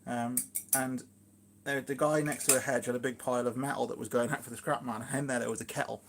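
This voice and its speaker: Shropshire man, mid-pitched, rambling kitchen live-stream chat, lots of fillers and asides. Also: fairly even intonation, quick pace, a little hiss or hum. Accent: Shropshire English. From England, Shropshire. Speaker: gardening vlogger, live streamer. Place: at home in his kitchen.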